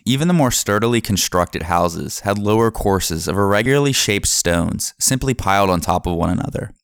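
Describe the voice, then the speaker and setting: A man narrating a history podcast from a script, in a measured reading manner. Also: fairly low pitch, animated, creaky, clean tone, no echo, clean studio sound.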